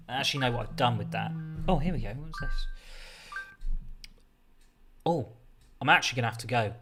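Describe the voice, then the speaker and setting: A man's voice: mid-range voice, fast, fairly bright tone, soft background music. Rambling man hosting a livestream. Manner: rambling, chatty, self-interrupting. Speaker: livestream host. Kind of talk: casual livestream chat. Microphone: desk setup with a mixer.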